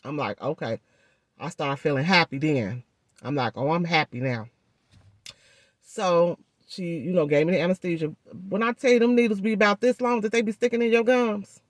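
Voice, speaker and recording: A woman vlogger telling a story in a chatty, animated way, speaking through a swollen jaw and addressing viewers directly. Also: lowish voice, a little fast, no room sound, clean studio sound. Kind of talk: casual storytelling vlog.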